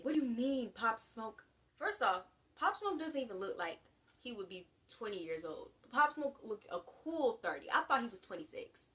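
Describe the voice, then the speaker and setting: A 19-year-old woman from the US talks straight to camera in a loose, slangy monologue. Her voice sits a little high, and she jumps between loud and quiet in an animated way. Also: far from the mic. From United States. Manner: animated, slangy and chatty, with big swings in loudness. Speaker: vlogger.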